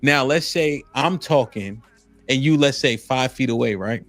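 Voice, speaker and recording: A man with hosts a casual podcast chat. He explains at an easy, mid-pitched pace and keeps checking in with the listener. His voice is close and dry on the mic, with faint music under it. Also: unhurried, fairly bright tone, dry recording. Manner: laid-back, explanatory, says "right?" often. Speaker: podcast host. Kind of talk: casual conversation.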